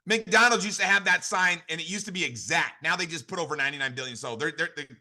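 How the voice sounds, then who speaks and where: A man giving an energetic motivational training on a call, full of repetition and rhetorical questions. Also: on the high side, fast talker. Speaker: network marketing director giving a training.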